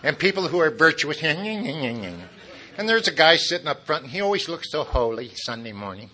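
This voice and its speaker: A middle-aged man tells his story at a recovery meeting, turning his own failings into jokes. His voice is bright and forceful, and he keeps chuckling at his own lines. He throws asides straight at the listeners. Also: on the high side, very animated, moderate pace. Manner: talks straight to the audience with asides. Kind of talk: humorous personal testimony.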